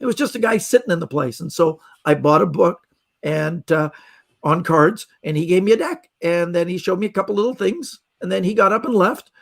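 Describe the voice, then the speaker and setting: High, fairly quick and gravelly, this middle-aged man from Canada is a magician guesting on a podcast. In casual talk he spins animated stories, performing the quoted voices himself.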